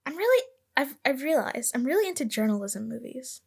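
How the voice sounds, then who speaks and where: Chatty young woman, higher voice. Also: very animated, brisk, vocal fry, darkish tone, breathy edge. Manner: chatty, rambling, self-correcting. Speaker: podcast host. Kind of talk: casual chat.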